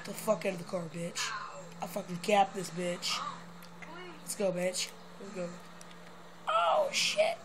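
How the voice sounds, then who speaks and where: A young man giving crude, joking commentary while playing a video game, mostly mumbling with sudden shouted outbursts. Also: high-pitched, fairly even intonation, a little slow, pauses often, noisy background. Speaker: gaming video host.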